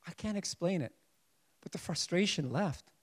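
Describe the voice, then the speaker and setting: A man preaching a sermon in an earnest way, often restarting his sentences as he searches for words, sometimes rising in emphasis and sometimes going quiet. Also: high-pitched, lively intonation, normal speed.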